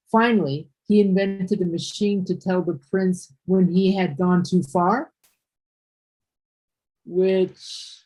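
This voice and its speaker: A woman's voice: low-pitched, mellow, husky, rough recording. A woman teaching English one-on-one, patiently correcting and explaining.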